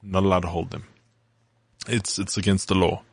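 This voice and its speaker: Low-voiced South African man recounting travels. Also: little pitch movement, normal speed, gravelly, husky, dry recording. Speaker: podcast co-host. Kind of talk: casual chat.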